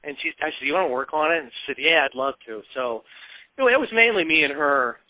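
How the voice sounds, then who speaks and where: A man's voice: on the high side, lively intonation, quick pace, dry recording. A man in his fifties from the American Midwest, telling casual stories as an interview guest, acting out the voices of people he quotes and swearing now and then. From Peoria, Illinois, US. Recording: tinny phone-like dry sound.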